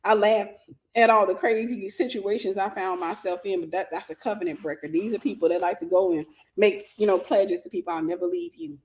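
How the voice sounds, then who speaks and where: A woman host telling a personal story and giving dating advice in a lively, casual way, often breaking into laughter. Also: mid-range voice, a little fast. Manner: animated, bursts into laughter, vernacular.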